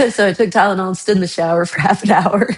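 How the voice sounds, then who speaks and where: A woman's voice: mid-range voice, quick pace. A woman hosting a livestream chat, casually rambling about her week with frequent laughs, sounding a little under the weather. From United States. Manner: chatty, rambling, laughs often. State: slightly unwell after a bad night. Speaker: livestream host. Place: home.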